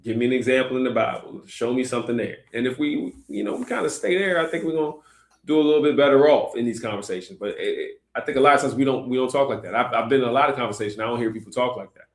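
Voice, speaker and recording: A man's voice: medium pitch, rapid-fire, echoey room. A man hosting a Christian discussion show, talking earnestly with many fillers and restarts. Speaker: host.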